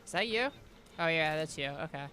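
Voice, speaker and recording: A woman's voice: deep voice, lively intonation, a little fast, bright, forceful tone, slight background noise. A young woman streaming a horror game, rambling and joking casually with her chat between moments of play. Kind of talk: casual gameplay commentary.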